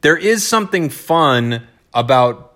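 A man's voice: on the high side, expressive, measured pace, bright, forceful tone. A man in his thirties co-hosting a casual podcast, joking and self-aware and slipping into playful voices. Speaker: podcast co-host. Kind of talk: casual chat, reading a listener letter.

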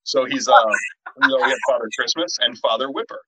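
Middle-aged guy cohosting a horror podcast, bright punchy voice, keeps restarting lines, kinda dull dry audio. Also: mid-range voice, quick pace, breathy edge. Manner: animated storyteller, stumbles and restarts, swears freely. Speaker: podcast co-host. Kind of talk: casual podcast chat.

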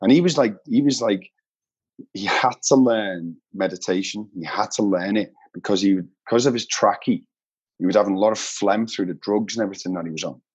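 A man's voice: fairly low pitch, fairly quick, a little mellow, husky. A man telling heartfelt personal stories in an earnest, emotional way. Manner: earnest, heartfelt, says "mate" often. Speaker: podcast guest. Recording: dull lo-fi sound.

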